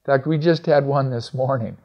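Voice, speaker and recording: A man's voice: mid-range voice, brisk. A middle-aged man giving an instructional talk on communication skills in a conversational way, often acting out bits of dialogue. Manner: conversational, acts out quoted dialogue. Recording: slightly dull, lo-fi recording.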